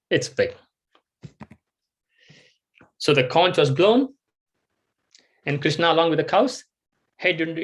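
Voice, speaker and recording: Animated man telling devotional stories. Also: on the high side. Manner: animated storyteller acting out scenes. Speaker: devotional speaker. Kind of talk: devotional storytelling talk.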